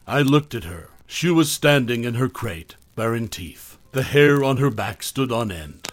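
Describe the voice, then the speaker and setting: A man narrating a first-person horror story for a podcast in a calm, even storytelling manner. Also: mid-range voice, a little slow, few pauses, no room sound.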